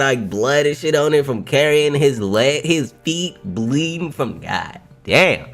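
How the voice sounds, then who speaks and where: A man reacting live to a new manga chapter, excitable and profane, often laughing and exclaiming loudly. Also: a little high, a little slow, few pauses, soft background music.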